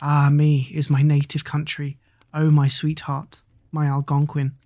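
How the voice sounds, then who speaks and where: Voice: mid-range voice, completely flat delivery, a little slow, a little mellow, no room sound, close to an everyday voice. A reader voicing a young woman lamenting her lover, in a tender, pensive sing-song refrain. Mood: longing.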